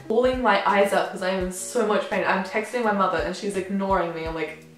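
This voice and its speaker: A woman's voice: mid-range voice, brisk. A teenage woman telling a storytime vlog, chatty and dramatic, acting out what people said. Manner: chatty, dramatic retelling with acted-out quotes. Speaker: vlogger. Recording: very echoey room, faint music.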